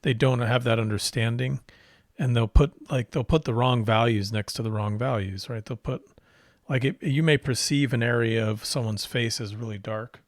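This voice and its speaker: A man's voice: medium pitch, fairly even intonation, moderate pace, no room sound, studio quality. Easygoing man chatting about painting. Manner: easygoing, joking. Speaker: co-host and painter. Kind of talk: casual live-stream chat.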